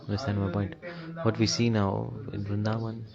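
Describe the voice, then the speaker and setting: Indian-accented man interpreting a sermon, low even voice, repeats and questions the room; muffled, crowd audible. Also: normal speed, vocal fry. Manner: rephrases himself and asks the listeners rhetorical questions. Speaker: translator of a spiritual lecture. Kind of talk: translated sermon. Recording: dull lo-fi recording with crowd behind.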